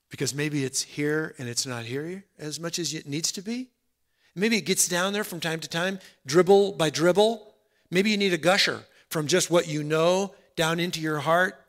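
A man preaching a sermon in an earnest, conversational way, dropping soft and then rising loud. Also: a little high.

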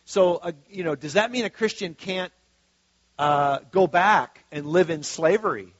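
A man's voice: high voice, a little slow, dry recording, muffled recording. A man preaching a sermon as pastor in a conversational way, with frequent asides and restarts.

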